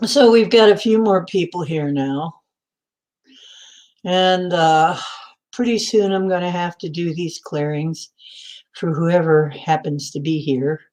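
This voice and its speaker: A middle-aged woman chats casually with her viewers on a livestream. She talks slowly, her pitch rises and falls a lot, and she giggles between lines. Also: darkish tone. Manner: giggly, laughs often, reads comments aloud. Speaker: livestream host. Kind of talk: casual live chat with viewers.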